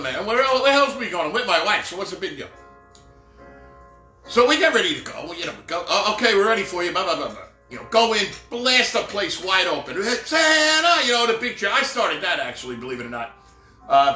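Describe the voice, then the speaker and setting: In a roomy, echoing space with faint music, a middle-aged man who works as a professional Santa rambles casually through his stories. He makes jokey asides and acts out quoted dialogue in a high voice with a sharp tone.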